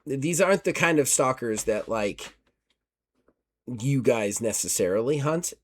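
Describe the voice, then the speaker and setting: A man's voice: mid-range voice, lively intonation, unhurried. A man running a tabletop horror game, narrating loosely with lots of fillers. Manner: loose, rambling with many fillers. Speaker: game master.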